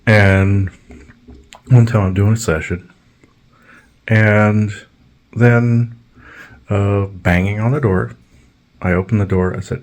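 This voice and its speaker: A man's voice: deep voice, steady tone, unhurried, long pauses. A man hosting a podcast, telling long, rambling stories in a blunt, profane way, full of fillers. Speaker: podcast host. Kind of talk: casual storytelling on a podcast.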